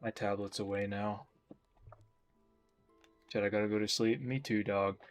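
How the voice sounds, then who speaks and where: A man's voice: fairly low pitch, level tone, measured pace, faint music behind. A man chatting casually while drawing on stream, rambling and joking about himself. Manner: rambling, jokey, self-mocking.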